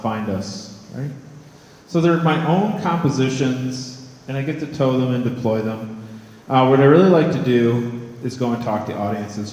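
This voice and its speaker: An artist and college professor speaks to an audience in a big hall, his talk wry, jokey and conversational. The mid-range, slightly mellow voice carries long reverb, with a bit of hiss or hum on the recording.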